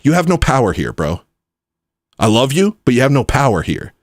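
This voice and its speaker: A man hosting a casual livestream, ranting and swinging from low mumbles to loud outbursts. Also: sing-song, normal speed, dry recording, clean studio sound. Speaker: livestream host.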